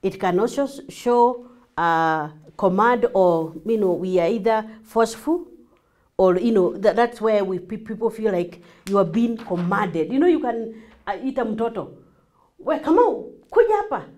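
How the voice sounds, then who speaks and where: A Kenyan woman coaches a class on marriage, her voice sitting at an ordinary middle pitch. She teaches with energy and acts out everyday examples in changing voices, moving easily between English and Swahili. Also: moderate pace, darkish tone.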